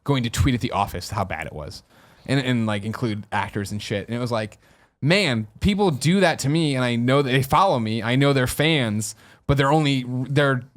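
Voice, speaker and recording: A man co-hosting a podcast in casual chat, talking in a rambling way that often stops and restarts mid-sentence. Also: mid-range voice. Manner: rapid, rambling, self-interrupting. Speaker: podcast co-host.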